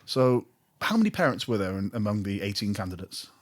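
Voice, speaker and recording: A male podcast host with a husky voice speaks quickly and loosely. He asks probing questions in a conversational way. His register is a touch low for a man. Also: sing-song. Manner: conversational, many fillers and restarts, probing questions. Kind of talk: casual interview chat.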